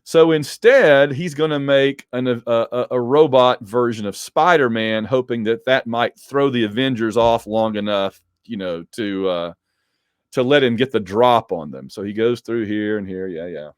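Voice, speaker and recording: A man casually reviewing a comic book issue, animated and digressive, with joking asides. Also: medium pitch, moderate pace, smooth, dry recording, studio quality. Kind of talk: casual commentary.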